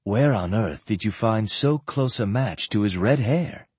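Man reading a measured knight leader. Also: on the low side, animated, breathy edge, no echo. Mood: plain. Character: practical middle-aged male knight preceptor.

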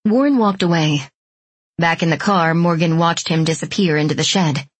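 A woman narrating an audiobook in an even, measured storytelling voice. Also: low voice, breathy edge, no echo. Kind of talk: scripted narration.

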